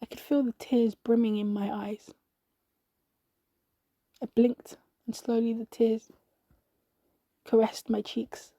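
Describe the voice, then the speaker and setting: Breathy woman narrating a dramatic monologue. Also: a little high, little pitch movement, warm tone, no echo. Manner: slow, intimate, often dropping to a whisper. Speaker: podcast narrator.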